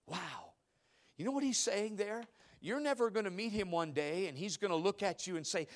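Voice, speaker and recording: Middle-aged man, pastor, high, lively sermon voice, big loud-to-hushed swings. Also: normal speed. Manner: animated storytelling with loud outbursts and hushed asides.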